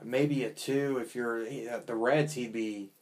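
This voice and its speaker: A man's voice: mid-range voice, steady tone, a little slow. A man co-hosting a casual sports talk show, talking things through and often checking for agreement. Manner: conversational, asks for agreement with "right?". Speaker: podcast co-host.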